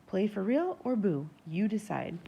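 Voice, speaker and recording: A woman reading the part of a big, commanding father who speaks firmly and loudly, with a gravelly, dark voice. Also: medium pitch, sing-song, unhurried, muffled recording, slight background noise. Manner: firm, loud, authoritative.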